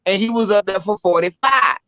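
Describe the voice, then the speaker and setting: A Southern woman spins a story in a bright, forceful voice, blunt and animated, with salty language. The audio is dry and dull, like a lo-fi podcast mic close up. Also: medium pitch, a little fast, no echo. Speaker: spoken word poet, guest. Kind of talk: casual storytelling. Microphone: podcast microphone.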